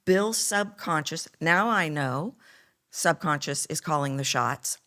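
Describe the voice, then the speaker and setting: A woman's voice: sits low, takes it slowly. A middle-aged woman with a Texan accent, a voice coach telling her story animatedly in an interview. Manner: animated storyteller, acts out quoted lines.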